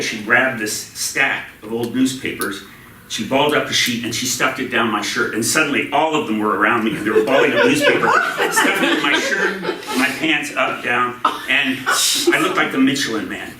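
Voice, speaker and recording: An American man telling a funny personal story to a live audience at a story slam, with deadpan comic timing. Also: medium pitch, slight background noise. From United States. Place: stage in a small venue. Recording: roomy hall, mic at a distance.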